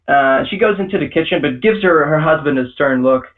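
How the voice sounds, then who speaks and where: A man running a tabletop game in a hesitant, rambling way. His voice sits a little high, and it sounds dull and far from the microphone. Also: a little fast. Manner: hesitant, filler-heavy, laughs often. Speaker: game master.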